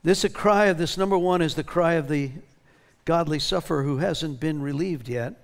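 A man preaching a sermon, animated and emphatic, reading scripture aloud with feeling. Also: a little high, moderate pace. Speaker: pastor.

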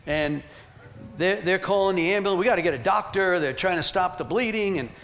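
Animated, emphatic male ministry teacher. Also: high-pitched, a little fast. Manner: animated, emphatic storytelling with laughs. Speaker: ministry team leader. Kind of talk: teaching with personal stories.

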